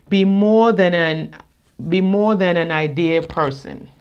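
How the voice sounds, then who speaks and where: A woman from the Caribbean co-hosting a livestream, chatting casually and reading cards in an animated, playful way. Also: fairly low pitch, muffled recording. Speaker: co-host and card reader.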